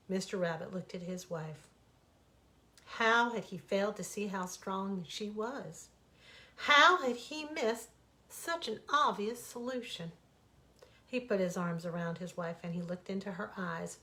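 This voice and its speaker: A woman author reading a bedtime fable aloud in an expressive, dramatic storytelling manner. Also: mid-range voice, measured pace. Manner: expressive, dramatic, warmly animated. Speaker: author reading her own stories.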